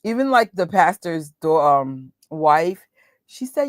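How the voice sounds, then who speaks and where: Chatty New York woman, low voice. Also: big pitch swings, slow pace, no room sound, clean studio sound. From New York, USA. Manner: chatty, laughing, quotes voices. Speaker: watch party host. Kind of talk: casual chat with live viewers.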